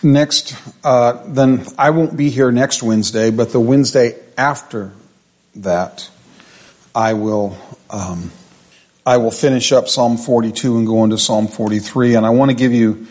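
Man, Bible study teacher, middle pitch, conversational, slow deliberate scripture reading, emphatic phrasing. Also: darkish tone. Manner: conversational, with fillers and restarts.

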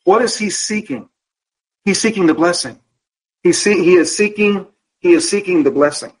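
A man teaching Scripture to a small class, talking in a candid, conversational way. His voice sits a little high and has a husky, breathy edge. He keeps checking in with his listeners and slows down on the words that matter. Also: low-quality recording. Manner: asks the class rhetorical questions, checking in with "okay?"; candid and personal, slows down to stress key words. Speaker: Bible study teacher.

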